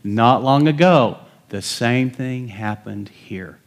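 A man's voice: medium pitch, slow. A middle-aged man, a pastor, delivering a folksy sermon full of stories, often chuckling and acting out the people he quotes. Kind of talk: sermon with storytelling.

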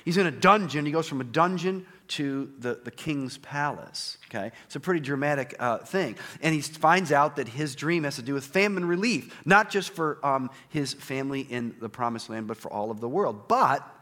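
A man's voice: animated, normal speed, hardly any pauses. A man preaching a sermon in a conversational way, checking in with "okay?" and reading scripture aloud with more force. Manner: reads scripture louder and higher. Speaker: pastor.

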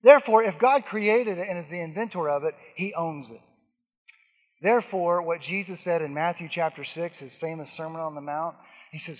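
A man preaching a sermon emphatically, repeating key lines and swinging from soft to loud. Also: high voice, normal speed, lo-fi sound. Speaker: pastor. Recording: long hall reverb.

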